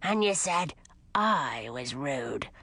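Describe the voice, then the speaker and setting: A woman's voice: sits low, lively intonation, slow pace, bright, forceful tone, no echo, voice pushed down, full character voice. A woman voicing a sarcastic grumbling skull. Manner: sarcastic, complaining. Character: grumpy talking skull in a dungeon.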